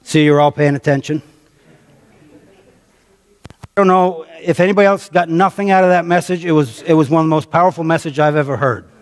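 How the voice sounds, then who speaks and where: A man's voice: fairly high pitch, a little fast, long pauses. Preaching man in a reverberant church. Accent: American. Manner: conversational preaching, calls on the congregation, repeats phrases for emphasis. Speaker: pastor. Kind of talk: sermon. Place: church sanctuary. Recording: long reverb of a church hall.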